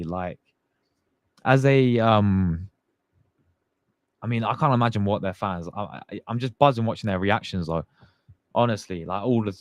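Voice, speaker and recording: Young dude on a live stream, chatty and slangy, dry close mic. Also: male voice, lowish voice, no echo. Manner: chatty, greets viewers by name, slangy. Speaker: fan channel host. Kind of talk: casual live stream chat.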